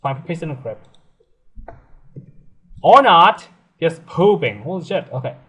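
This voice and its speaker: A young man giving casual, excitable commentary on a life-sim game, laughing often and swearing freely. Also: a little high, unhurried, slightly rough. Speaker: let's play gamer.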